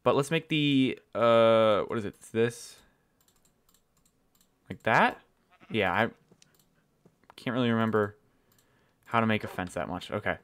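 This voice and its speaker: A man's voice: fairly low pitch, measured pace, long pauses, fairly bright tone, clear, resonant tone. A man giving casual, rambling commentary while playing a building game, swearing often and losing his train of thought. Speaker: gaming channel host.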